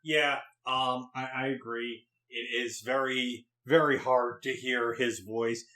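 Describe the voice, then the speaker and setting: A man's voice: mid-range voice, level tone, slow, pushed and bright. A man co-hosting a casual movie review podcast, speaking hesitantly with many ums and uhs. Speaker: podcast co-host.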